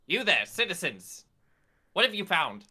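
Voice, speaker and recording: A pompous, imperious church noble, as a man puts the role on, barking insults from a raised, bright, hard-edged voice. The speech is haughty and scornful, made for a tabletop role-playing game. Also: high voice, sing-song, a little slow, pitched above the performer's own voice, full character voice. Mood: commanding.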